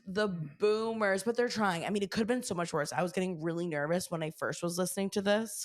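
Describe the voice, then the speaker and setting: A woman co-hosting a podcast in casual, gushing chat. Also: fairly low pitch. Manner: gushing, chatty. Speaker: podcast co-host.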